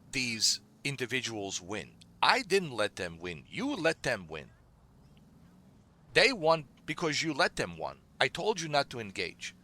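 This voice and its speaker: A man's voice: mid-range voice, bright, forceful tone. A man streaming, giving a scolding, repetitive rant at a viewer he keeps calling dude. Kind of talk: ranting monologue to a viewer.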